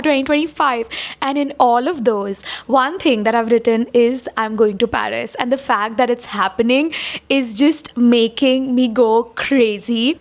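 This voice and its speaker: Young woman vlogger, slightly high, gushing, excitable and chatty to camera. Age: 20s. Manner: gushing, excitable, repeats herself. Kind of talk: casual vlog chat to camera.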